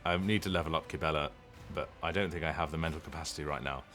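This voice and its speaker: A voice actor chatting casually on a live stream, rambling and hesitant with lots of ums and restarts. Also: male voice, extremely low pitch, fast, fairly bright tone, soft background music.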